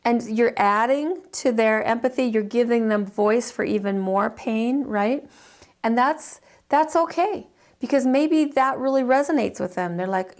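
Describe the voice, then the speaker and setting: A woman's voice: on the high side, moderate pace. A middle-aged woman teaching counseling skills in a chatty, informal way, acting out sample dialogues with many fillers and restarts. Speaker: counseling instructor.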